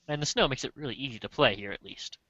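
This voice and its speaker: A man's voice: mid-range voice, bright, forceful tone, dry recording. A man running a tabletop role-play as game master, narrating casually with playful asides. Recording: muffled dry lo-fi recording.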